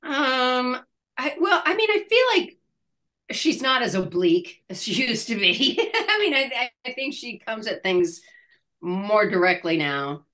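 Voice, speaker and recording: Woman, sixties, bright voice, halting, laughs often, casual interview answers. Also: on the high side, sing-song. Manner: halting, searching for words, laughing. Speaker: actress, interview guest.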